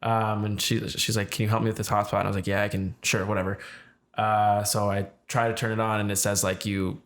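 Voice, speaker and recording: Low-voiced man telling a story. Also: brisk. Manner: animated storyteller, mimics people he quotes. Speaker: podcast co-host. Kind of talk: casual storytelling chat.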